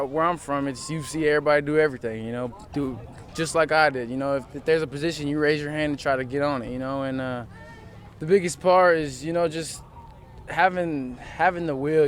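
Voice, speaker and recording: Teen football player, loose rambling talk. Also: male voice, mid-range voice, slight background noise. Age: teens. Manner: relaxed, rambling, many fillers. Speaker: high school football player. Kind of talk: casual interview. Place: outdoors at a football field.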